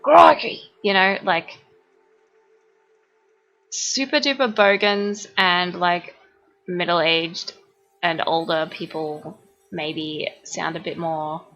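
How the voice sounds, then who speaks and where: A woman's voice: on the low side, fairly even intonation, slow pace, long pauses, pushed and bright, highs cut off, soft background music. A young Australian woman streaming her art, chatting casually with viewers, reading their comments aloud and laughing often. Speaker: art livestreamer. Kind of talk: casual chat with live viewers.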